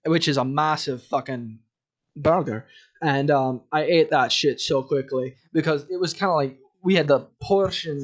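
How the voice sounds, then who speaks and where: A man's voice: medium pitch, dull audio. A young adult man hosting his own podcast, telling a long rambling story in a casual, profane, self-amused way. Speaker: podcast host.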